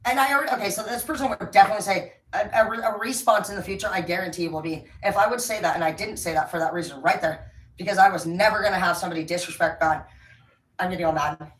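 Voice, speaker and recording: A woman's voice: lowish voice, quick pace. A woman giving a casual tarot reading, talking in a blunt, rambling and emphatic way. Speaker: tarot reader. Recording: roomy, distant from the mic, faint ambience.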